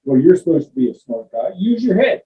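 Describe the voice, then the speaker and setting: A man's voice: fairly high pitch, sing-song, a little fast. A man voicing a patient male dragon schoolteacher in a live children's puppet show, coaxing and teacherly. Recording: distant, roomy, dull live recording.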